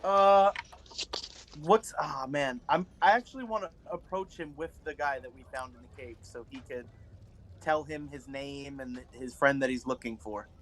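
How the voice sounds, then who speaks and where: A man's voice: mid-range voice, moderate pace, fairly bright tone, slight background noise. A man playing a tabletop game, hesitantly working out his moves aloud. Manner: hesitant, thinks aloud with fillers. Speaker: player. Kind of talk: casual tabletop game play.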